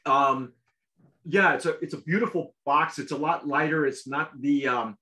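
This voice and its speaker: A man with a fairly high speaking voice hosts a casual tasting chat. He rambles and stops to restart his sentences as he goes. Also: bright, forceful tone. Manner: rambling, halting, full of restarts. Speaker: show host.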